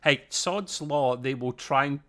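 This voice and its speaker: A man talks through an episode in a relaxed podcast chat. His voice sits at an ordinary middle pitch, and he rambles warmly between ums and laughs. He sounds like a fan recapping to a friend. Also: normal speed. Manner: chatty, laughing, filler-heavy. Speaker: podcast co-host. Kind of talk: casual review chat.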